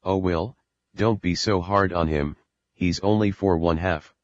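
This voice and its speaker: A man's voice: low-pitched, steady tone, a little slow, no echo. A man reading a protective mother. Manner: pleading, then shouting back. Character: protective mother, adult woman, fierce defender. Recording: dull lo-fi recording.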